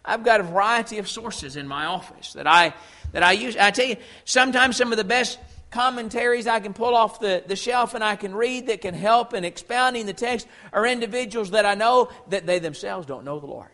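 Guy preaching a sermon, high bright voice, emphatic, repeats words a lot. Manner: emphatic preaching, slowing down for quoted Scripture.

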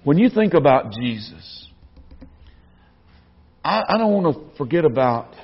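A man with a high, husky voice preaches a sermon with earnest conviction. His voice swells when he quotes scripture. The recording is dull and lo-fi. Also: animated, a little slow, pauses often. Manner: earnest, rising in volume when quoting scripture. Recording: dull lo-fi sound.

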